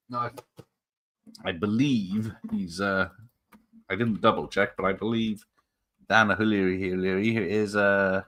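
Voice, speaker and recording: A man hosts a casual live stream and reads out viewer comments. He rambles and restarts, filling the gaps with ums and small chuckles. His voice sits a little low. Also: sharp tone. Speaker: host of a live show.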